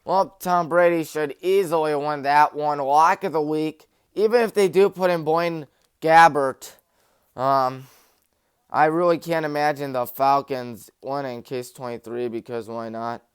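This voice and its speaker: Brief: young guy hosting sports talk, crisp and smooth, dry close sound, jokey and rambling. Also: a little high, a little slow, no room sound. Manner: jokey, rambling, self-mocking. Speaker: sports talk show host. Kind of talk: rapid-fire game picks with joking asides. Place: small community TV studio.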